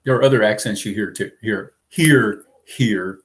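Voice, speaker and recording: A man's voice: lowish voice, measured pace, fairly bright tone. A man who grew up in the American South, co-hosting a casual live chat aboard a small sailboat, rambling with lots of fillers and chuckles. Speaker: sailing vlog co-host.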